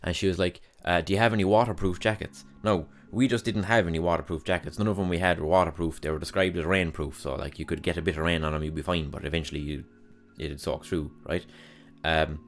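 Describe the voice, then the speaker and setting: Low-voiced young man ranting casually. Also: fairly even intonation, quick pace, hardly any pauses. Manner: rambling, sweary storytelling; exasperated ranting about past jobs. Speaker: podcast host. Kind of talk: casual solo monologue.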